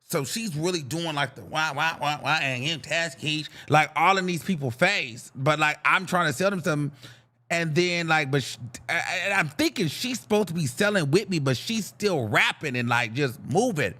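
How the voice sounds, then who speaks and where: A young adult man hosting a podcast, telling a rambling, profane, animated story in casual talk and acting out the voices in it. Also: on the high side, moderate pace. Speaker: podcast host.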